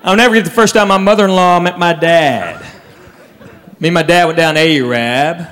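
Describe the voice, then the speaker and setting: Storytelling man with a higher voice. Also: brisk, long reverb tail. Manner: Southern storytelling, animated impressions. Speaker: stand-up comedian. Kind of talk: stand-up comedy set.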